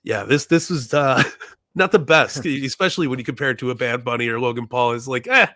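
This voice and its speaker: A man's voice: medium pitch, fairly quick, sharp tone, no echo, clean studio sound. A man chatting casually as a podcast guest, laughing often and retelling scenes with playful voices. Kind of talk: casual chat.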